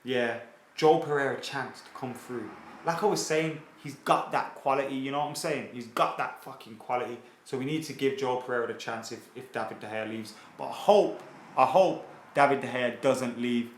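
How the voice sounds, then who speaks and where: A man hosting a casual football fan live stream, excitable and sweary as he reads viewer comments aloud. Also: medium pitch, normal speed, a little hiss or hum. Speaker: football fan channel host. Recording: roomy echo.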